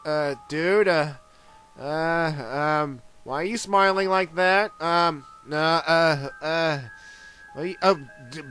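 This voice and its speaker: Slow, rambling male comic reviewer. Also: on the high side, sharp tone. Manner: rambling, full of uh and um fillers. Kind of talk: casual review narration. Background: background music.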